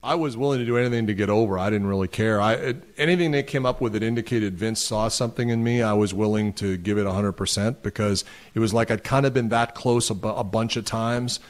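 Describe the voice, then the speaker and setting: Low-voiced man telling wrestling-style backstage stories. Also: quick pace, few pauses. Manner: animated, acts out other people's lines. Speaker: podcast guest. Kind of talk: casual storytelling.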